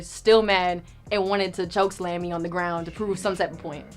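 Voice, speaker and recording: A young woman telling a story in casual chat, animated and profane, acting out what people said. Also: mid-range voice, moderate pace, few pauses, faint music behind. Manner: animated, profane, acts out quoted lines. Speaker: storyteller guest.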